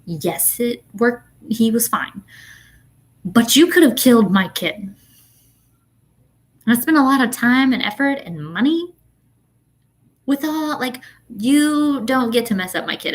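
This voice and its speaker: A woman's voice: on the high side, animated, a little slow, long pauses. A woman in her thirties, an author chatting casually with her readers, telling a story animatedly with fillers and laughs. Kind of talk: casual ranting chat.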